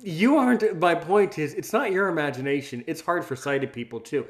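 Male host in his 50s, fairly high voice, stop-start and wry. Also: moderate pace. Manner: stammering restarts, wry asides, asks questions. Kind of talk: casual chat.

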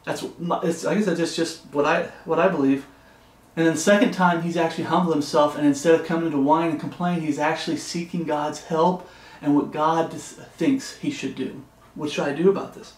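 Guy preaching a bible study, kinda high voice, earnest, keeps restarting phrases, roomy echo. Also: fairly even intonation, a little fast. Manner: earnest, repeats and restarts phrases, reads scripture aloud. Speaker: Bible teacher. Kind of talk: sermon-style Bible study.

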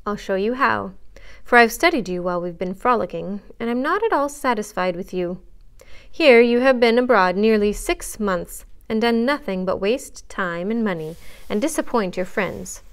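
Storybook reading: a sharp-tongued, earnest young lady read by a woman, cool and scolding. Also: mid-range voice, expressive, moderate pace, smooth, close to an everyday voice. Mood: lecturing.

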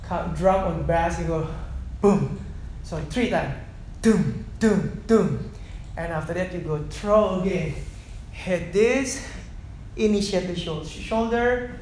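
A man leading an online dance class, counting beats and calling out moves with sounds like boom and ta, switching between Indonesian and English. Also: darkish tone, a little hiss or hum. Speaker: dance teacher. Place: echoey dance studio. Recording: echoey studio room.

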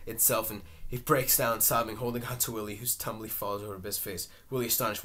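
A man reading a play's stage directions aloud, halting now and then. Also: fairly low pitch, level tone, sharp tone. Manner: halting, with fillers and restarts. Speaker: reader.

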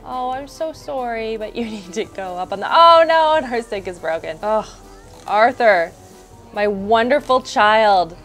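A young woman talks her way through a life-sim game, narrating every move in a chatty, excitable way. Her voice sits at an ordinary middle pitch. Soft music plays faintly underneath. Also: a little slow. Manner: chatty, excitable, narrating each step aloud. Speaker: gaming YouTuber, host. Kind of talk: casual gameplay commentary.

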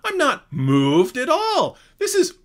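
A man doing a comic impression of a lofty scholarly male debater, speaking much higher and slower than his own voice. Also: huge pitch swings, full character voice. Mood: mocking. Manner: much higher pitched, slow, drawn-out words.

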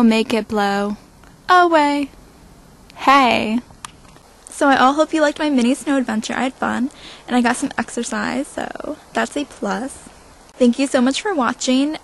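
A woman's voice: fairly high pitch, creaky, poor audio. A young woman vlogging casually in a snowy backyard, playful and self-mocking, talking into a handheld camera. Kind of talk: casual vlog.

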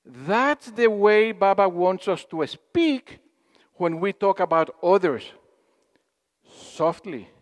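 This high-pitched, expressive man speaks slowly. He is addressing an audience in a hall at a spiritual gathering, where he tells stories, acts out quotations and questions the listeners.

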